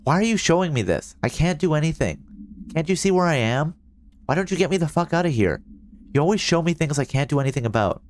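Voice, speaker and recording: A man voicing a bitter, furious teenage boy who shouts curses at someone he wants gone. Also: on the low side, expressive, fast talker, hardly any pauses, slight background noise, natural voice. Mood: angry.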